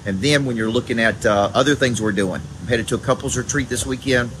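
A man's voice: medium pitch, a little fast. Southern male coach, upbeat live talk, hammers home phrases, noisy recording with air-con hum. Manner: energetic, repeats key phrases, greets viewers by name. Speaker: motivational speaker and coach. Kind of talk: live morning video talk to viewers. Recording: loud background noise.

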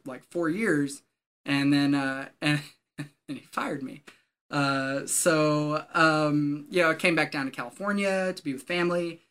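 Bright-toned man, casual guest, chatty and rambling, lots of "um" and "like". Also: fairly high pitch. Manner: rambling, many fillers and restarts. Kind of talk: casual storytelling.

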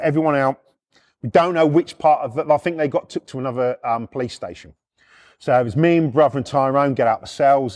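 A middle-aged man with a British accent, telling a rough anecdote in blunt, heavily profane casual speech. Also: mid-range voice, darkish tone. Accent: British English. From United Kingdom. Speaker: storyteller.

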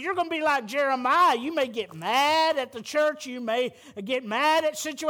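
A pastor delivers a fervent sermon in a strikingly high voice. His tone is bright and forceful. He pushes to loud, emphatic peaks to drive each point home.

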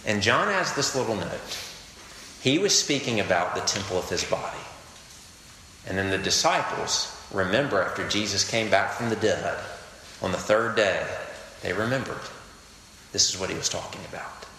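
Bright-voiced man preaching in an echoey hall. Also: on the low side, lively intonation, normal speed, slight background noise. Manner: earnest, conversational preaching with quoted anecdotes. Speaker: campus ministry pastor. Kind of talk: sermon.

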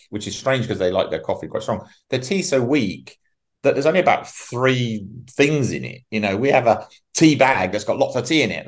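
An English man in his sixties co-hosting a podcast, chatting casually and telling jokey, animated stories. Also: on the low side. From England. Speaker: podcast co-host. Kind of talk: casual chat.

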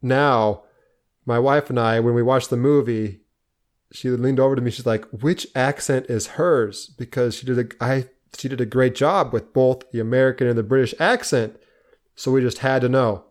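A man's voice: medium pitch, steady tone, moderate pace. A man co-hosting a casual podcast, sharing movie trivia with enthusiasm and frequent laughter. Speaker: podcast co-host.

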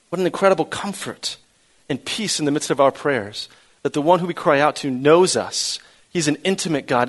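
Male pastor, high voice, earnest sermon delivery with repeated emphatic phrases. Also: a bit bright. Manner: earnest preaching with emphatic repetition.

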